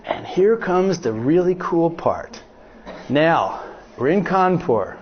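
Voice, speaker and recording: A man's voice: a little high, slow, highs cut off. An older American man giving a talk, telling a joking story and acting out the dialogue. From United States. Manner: animated, joking, acts out dialogue. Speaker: guest speaker. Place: lecture hall.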